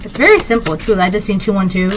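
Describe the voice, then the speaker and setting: A woman's voice: mid-range voice, lively intonation, very fast, noisy background. A woman giving a casual tarot reading, rambling and sassy, full of "like" and "um". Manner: rambling, filler-heavy, with frequent "like" and "um". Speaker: tarot reader.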